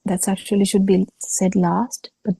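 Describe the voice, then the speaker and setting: Woman, dharma talk, video call, very dark gravelly voice, slow and halting, dry sound. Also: medium pitch, flat delivery, dry recording, low-quality recording. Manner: slow, halting explanation with frequent pauses. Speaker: Buddhist teacher.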